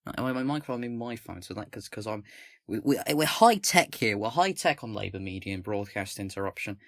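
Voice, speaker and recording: Male host from England, casual political commentator, halting and rambly delivery, close mic with no room sound. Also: on the low side, animated, no room sound. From England, not the North. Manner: rambling, halting, many fillers and restarts. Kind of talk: casual commentary with manifesto reading. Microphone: own microphone, close.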